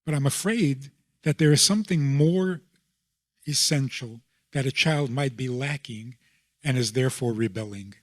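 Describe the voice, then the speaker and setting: A man being interviewed as a rabbi, explaining his views in a deliberate way and often checking in with a rhetorical question. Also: medium pitch, no room sound, studio quality.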